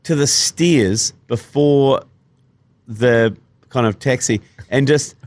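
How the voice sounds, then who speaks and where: A man's voice: mid-range voice, slow pace, darkish tone, dry recording. A man with a New Zealand accent, hosting a podcast and telling rambling, self-mocking stories while hungover. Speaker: podcast host. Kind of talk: casual banter.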